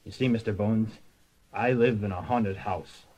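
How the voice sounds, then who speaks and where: A man's voice: lowish voice, measured pace, warm tone, low-quality recording. An actor playing a stern, impatient elderly man who wants to hire a detective in a radio comedy. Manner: stiff, impatient, formal. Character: stern elderly male rich client.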